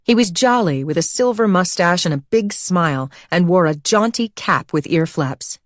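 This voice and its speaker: Give me a low-voiced woman narrating an audiobook in a measured way, with a dry studio sound. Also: expressive, no room sound. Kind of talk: scripted narration.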